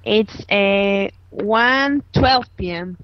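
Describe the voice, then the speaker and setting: A woman's voice: mid-range voice, extremely slow, smooth, no room sound. Hesitant woman on a call. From Peru. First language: Spanish. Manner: hesitant, tries words with restarts. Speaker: language student. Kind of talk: online lesson conversation. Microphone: video call. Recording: dull, lo-fi video call audio.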